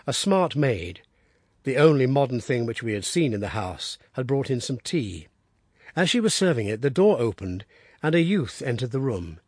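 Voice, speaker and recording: A man narrating an audiobook with expressive, steady storytelling. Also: medium pitch, normal speed, breathy edge, no echo, studio quality. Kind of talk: scripted narration.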